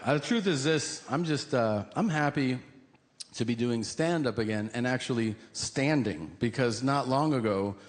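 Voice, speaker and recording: On a comedy stage before a live audience, a man with a mid-range voice and moderate pace performs a stand-up set. He tells profane stories conversationally and acts out the dialogue, and the recording is full of loud crowd laughter and room noise.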